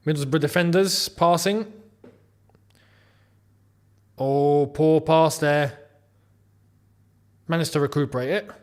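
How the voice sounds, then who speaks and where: A man's voice: a little high, slow pace, pauses often. A young man hosting a live football watchalong, reacting to each play and scolding players as if they could hear him. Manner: animated, exclaiming and scolding players directly. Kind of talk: live match reaction commentary.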